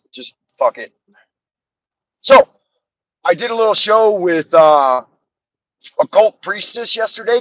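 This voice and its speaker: A middle-aged man rambles and cracks crude jokes as he talks to his livestream chat. His voice sits a little high for a man. The sound is dry and close, with no room around it. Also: bright, forceful tone, no echo, poor audio. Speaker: livestream host.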